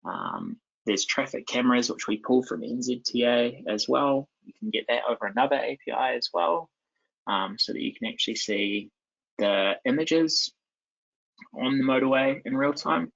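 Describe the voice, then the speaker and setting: A man giving a live software demo at a conference, talking loosely with many ums and restarts. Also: medium pitch, moderate pace, creaky. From New Zealand. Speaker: conference presenter. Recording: dull lo-fi sound.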